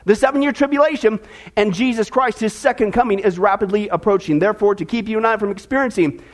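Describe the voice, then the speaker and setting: A man's voice: high-pitched, fast. A man preaching a sermon, joking with his congregation and addressing them directly. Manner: jokey, talks directly to the congregation. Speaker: pastor.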